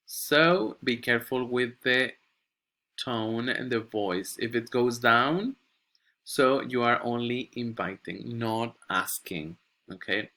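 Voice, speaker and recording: A man teaching a recorded English grammar lesson, speaking at a slow, deliberate pace. His tone is bright and forceful. He reads example sentences from the book aloud and often checks with his students. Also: medium pitch. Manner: checks in with frequent "okay?".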